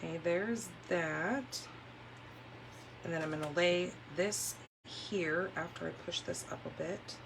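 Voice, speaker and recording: A woman's voice: fairly low pitch, slow, background noise. A woman from California hosting a crafting livestream from a room at home, chatting casually and telling rambling stories while she works. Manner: chatty, rambling storyteller who laughs easily. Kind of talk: casual chat while demonstrating paper crafts.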